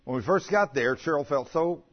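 Older male preacher, high-pitched and folksy, animated storyteller, muffled lo-fi sound. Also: normal speed. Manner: folksy, animated, acts out quoted voices. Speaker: preacher in a healing ministry. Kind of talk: sermon storytelling. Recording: dull lo-fi recording.

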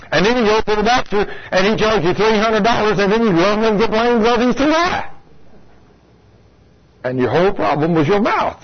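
Folksy preacher man on lo-fi radio. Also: sits high. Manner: folksy, conversational, asks the congregation questions. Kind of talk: sermon.

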